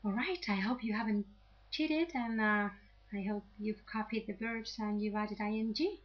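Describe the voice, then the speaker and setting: A woman's voice: mid-range voice, moderate pace. A woman teaching an English grammar lesson, explaining patiently and checking in with "okay?" after each point. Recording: slightly dull lo-fi audio.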